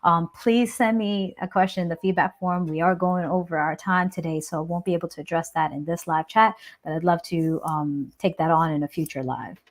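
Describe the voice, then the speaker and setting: A woman's voice: lowish voice, brisk, few pauses. A woman hosting a live Q&A, giving advice in a casual, frank and chatty way, often checking in with "right?". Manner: frank, expressive, explanatory. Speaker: host answering viewer questions. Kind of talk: live-stream Q&A advice talk.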